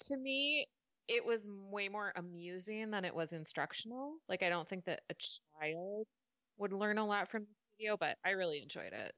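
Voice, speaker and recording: A woman's voice: medium pitch, lively intonation, normal speed, bright, forceful tone, no room sound. A woman in her thirties or forties co-hosting a casual talk show, chatty and often saying "like.". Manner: chatty, uses "like" a lot, laughs often. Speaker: podcast co-host. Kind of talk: casual chat. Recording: slightly muffled dry mic.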